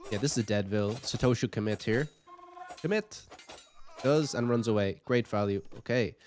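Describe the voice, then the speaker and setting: A man's voice: medium pitch, a little mellow. A man giving casual commentary on a strategy game match, chatty and thinking aloud with light jokes. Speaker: game caster.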